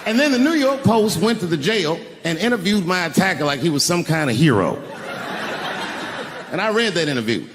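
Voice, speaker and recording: A man performing a stand-up comedy set, telling a story in an animated way with loud punchlines. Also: high voice, a little fast. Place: large theater with audience. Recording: live venue with long reverb and audience noise.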